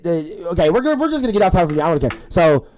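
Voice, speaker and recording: Laughing, lively man on a podcast. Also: high-pitched. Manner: laughs often, swears, talks fast in bursts. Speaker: podcast co-host. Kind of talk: casual podcast chat.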